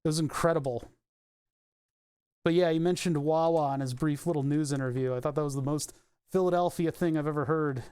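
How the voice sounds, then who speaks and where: Young man streamer, casual rambling repair talk, higher pitch. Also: steady tone, a little fast, a little mellow, clean tone. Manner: thinks aloud, rambling, swears casually. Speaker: streamer doing car electronics repair. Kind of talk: casual live-stream commentary.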